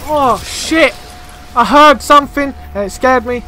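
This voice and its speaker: A young man playing a shooter game, swearing and shouting trash talk at the enemies as he plays. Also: very high voice, unhurried, faint music behind. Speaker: gamer. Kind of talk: let's play commentary.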